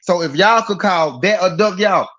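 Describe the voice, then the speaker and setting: A man's voice: high-pitched, moderate pace, fairly bright tone, muffled recording. A man hosting a live boxing talk stream, ranting in a heated, profane way and repeating himself for emphasis. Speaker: boxing podcast host. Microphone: live-stream mic.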